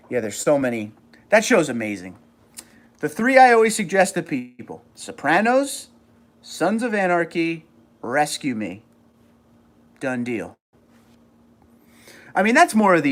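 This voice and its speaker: A man's voice: mid-range voice, fairly bright tone. A middle-aged man from New York with a New York accent, chatting casually on a livestream and reading viewer comments aloud. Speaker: livestream host.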